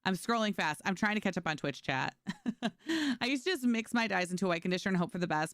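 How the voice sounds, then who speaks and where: A woman's voice: on the low side, animated, fast talker, a bit bright, dry recording, studio quality. Chatty sarcastic woman streamer from New York. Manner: chatty, sarcastic, reads chat aloud and answers it. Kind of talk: casual chat with stream chat while gaming.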